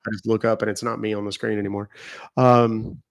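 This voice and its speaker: Gravelly man chatting on a livestream. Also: lowish voice, level tone, a little fast, no room sound. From Texas. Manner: rambling, chatty, answering viewer comments. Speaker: livestream host. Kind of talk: casual livestream chat.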